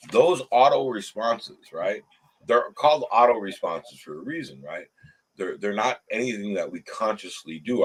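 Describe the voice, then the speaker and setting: A man with a low, husky voice holds forth in casual recovery talk. He is earnest and repeats himself as he works out his point, and his voice jumps up when he gets worked up. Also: poor audio. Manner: earnest, stumbling restarts, rises sharply when animated. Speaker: show host. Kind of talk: casual recovery group chat.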